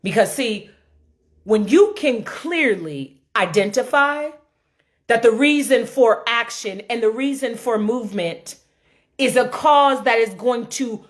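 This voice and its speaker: A woman giving an informal sermon with dramatic swings from shouts to low, quiet lines and humorous asides. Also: expressive, slow pace. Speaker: preacher.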